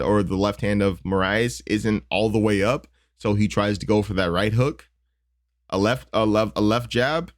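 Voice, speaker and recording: A man talks through fight replays like a casual podcast host. He rambles and restarts often, fills gaps with "uh" and "you know," and swears freely. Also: mid-range voice. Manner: rambling, profane, many fillers and restarts. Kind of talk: casual fight breakdown commentary.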